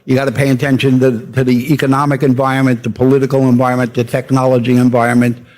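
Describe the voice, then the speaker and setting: A man's voice: mid-range voice, level tone, fast, darkish tone. An older man, a media entrepreneur, telling anecdotes in a fireside chat and acting out the people he quotes. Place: stage before a live audience.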